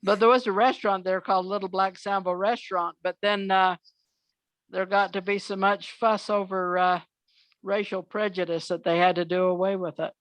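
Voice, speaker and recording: An older woman telling children's fairy tales from memory, unhurried, often pausing on "uh". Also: mid-range voice, little pitch movement, dry recording. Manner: unhurried, with frequent "uh" pauses. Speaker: storyteller.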